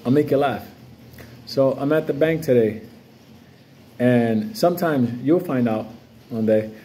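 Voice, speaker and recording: A man's voice: medium pitch, a little slow, mellow, slight background noise. A man ranting casually to camera about crypto, profane and swaggering, jumping from story to story. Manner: profane, loose, swaggering, jumps between stories. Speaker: crypto vlogger. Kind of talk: casual unscripted rant to camera.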